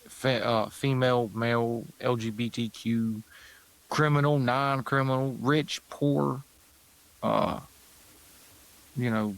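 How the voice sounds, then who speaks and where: A man's voice: mid-range voice, gravelly. A man hosting a podcast, talking earnestly in a rambling way with many fillers and restarts. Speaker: podcast host. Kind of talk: casual podcast talk.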